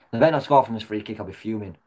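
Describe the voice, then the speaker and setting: A man reacting live to a football match as a fan vlogger. He swears often and swings between muttered comments and loud yells at the referee. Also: lowish voice.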